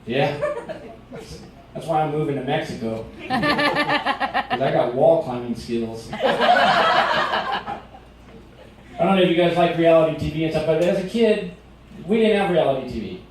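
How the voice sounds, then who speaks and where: Animated middle-aged male comedian, echoey room. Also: fairly high pitch, a little slow, pauses often, background noise. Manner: animated storytelling, acting out shouted quotes. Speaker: stand-up comedian. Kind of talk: stand-up comedy set. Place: restaurant performance space. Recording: very echoey room recorded from a distance.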